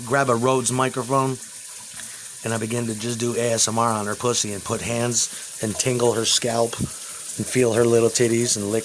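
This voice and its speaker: A man rambles crudely in a home vlog, his voice at an ordinary middle pitch. He lurches from loud bursts to low muttering, with a faint hiss of background noise behind him. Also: low-quality recording.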